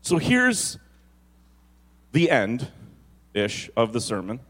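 A man preaching a sermon as pastor, moving from quick storytelling to slow, drawn-out emphasis on key phrases. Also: mid-range voice, wildly swooping pitch, a bit bright.

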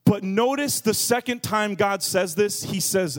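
Pastor, male, slightly high voice, lively and jokey, punches key words. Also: unhurried, few pauses. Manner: lively, joking and emphatic, stressing key words. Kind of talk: sermon.

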